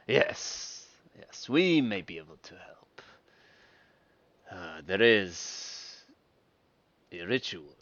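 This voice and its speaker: A booming male werewolf pack leader, voiced by a man running the game. He speaks with slow, old-fashioned authority, his voice low and unhurried. The sound is dull and lo-fi, like a home voice chat. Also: a bit bright. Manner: booming, archaic speech.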